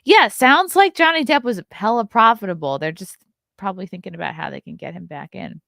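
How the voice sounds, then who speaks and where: A woman's voice: mid-range voice, expressive, a little fast, creaky, fairly bright tone, dry recording, studio quality. A young adult woman hosting a casual morning talk show, reading news items aloud and breaking in with blunt, swearing asides. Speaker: podcast host.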